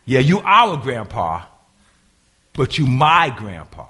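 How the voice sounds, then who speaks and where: Older man, pastor, sermon, husky voice, lively rising and falling pitch, hushed then loud. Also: slow. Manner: preaching with sudden swings from hushed asides to loud, high bursts.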